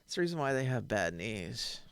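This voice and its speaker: A woman's voice: a bass voice, sing-song, brisk, vocal fry, no echo. A woman co-hosting a casual podcast, speaking bluntly and teasing her co-host. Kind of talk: casual chat.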